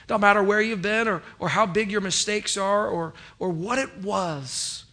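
A male pastor delivers a sermon in a high, lifted voice with a bright, ringing edge. He swings from emphatic declarations to soft, close asides and calls on the congregation to answer him. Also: normal speed.

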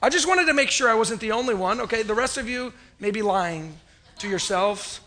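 A man's voice: high-pitched, expressive, fairly quick, sharp tone. A man preaching a sermon in a church, upbeat and chatty, joking with the congregation. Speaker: pastor. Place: church sanctuary.

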